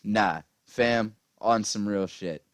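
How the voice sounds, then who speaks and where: A man's voice: lowish voice, takes it slowly, dry recording. A man ranting casually about politics, profane and rambling with lots of fillers, tired after a long day. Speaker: political commentary vlogger.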